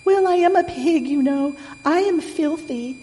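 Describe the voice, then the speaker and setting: Piglet for a storybook: high, sweet-talking little boy pig, slow and wheedling, a woman reading it aloud, echoey room. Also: warm tone, slight background noise. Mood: coaxing. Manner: sweet, coaxing, polite. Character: small clever pleading male piglet.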